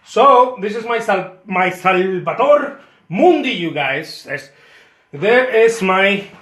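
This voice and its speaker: A man's voice: sits high, expressive, slow pace, fairly bright tone, echoey room. A man painting live for his viewers, chatting casually and joking about himself with playful boasts, and thanking viewers by name. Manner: playful, self-mocking boasts. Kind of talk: casual live-stream chat while painting.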